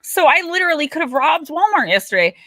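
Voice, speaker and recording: Middle-aged New woman, livestream host, bright tone, dry close sound, chatty and quick to laugh. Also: high voice, dry recording. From Paterson, New Jersey. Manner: chatty, animated storyteller who laughs often. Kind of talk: casual livestream chat.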